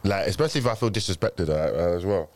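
A young man, chatting loosely in a group podcast. He speaks fast with a lively, swinging pitch. His talk is full of slang and repeated starts. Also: a little hiss or hum. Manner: fast, animated, lots of restarts and slang. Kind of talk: casual group chat.

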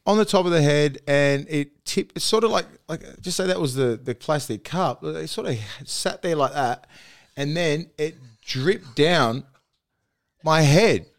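A slightly high, unhurried male voice with an Australian accent. He's a podcast host telling a story in a recording studio over casual chat, swearing and laughing as he goes, animated throughout.

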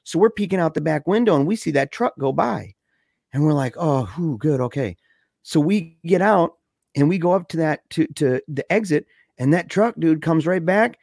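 A young man telling a scary story in a casual way, excited and slangy, saying dude and man a lot. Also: a little high, moderate pace, creaky, no echo, clean studio sound.

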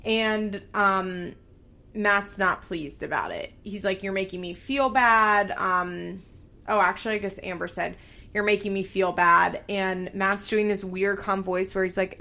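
A young woman talks fast and loose, recapping drama with lots of "like" and the odd curse word. Her voice sits at an ordinary middle pitch and bounces with lively, gossipy energy. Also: gravelly. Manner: animated, swears freely, heavy use of like. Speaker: commentator recapping a reality show. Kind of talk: casual chatty recap.

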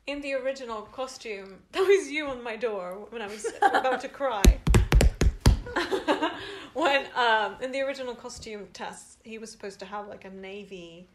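A woman's voice: fairly high pitch, moderate pace, music in the background. A woman co-hosting a podcast, talking in a casual, rambling way and laughing often. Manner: chatty, rambling, giggly. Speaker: podcast co-host. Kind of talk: casual chat.

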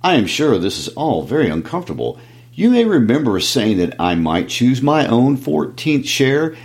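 A man's voice: medium pitch, wildly swooping pitch, normal speed, a little mellow, pitched above the performer's own voice. A man voicing a small, polite, fussy hobbit while reading a book aloud. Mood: prim. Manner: prim, politely indignant.

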